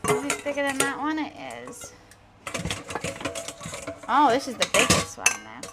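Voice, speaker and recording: A woman's voice: sits high, huge pitch swings, a little slow, very noisy. A young woman with a slight lisp, chatting playfully with her stream chat while she cooks. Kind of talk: casual cooking stream chat.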